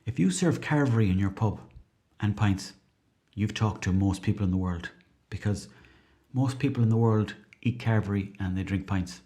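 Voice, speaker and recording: A man's voice: on the low side, moderate pace, mellow. A man with an Irish accent hosting a comedy podcast in a rambling, chatty, self-mocking monologue. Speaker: podcast host.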